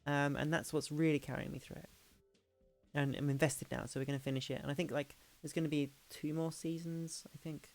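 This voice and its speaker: Gravelly chatty woman streamer. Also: sits low, flat delivery, a little fast, a little mellow, faint music behind. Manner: chatty, laughing, restarts sentences. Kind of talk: casual chat.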